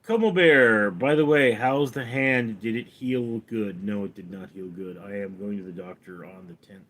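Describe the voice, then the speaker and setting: A man hosting a casual livestream, reading out viewers' names and comments and answering them, calling the names out louder and higher than his replies. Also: moderate pace, a little hiss or hum. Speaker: streamer reading viewer chat; actor.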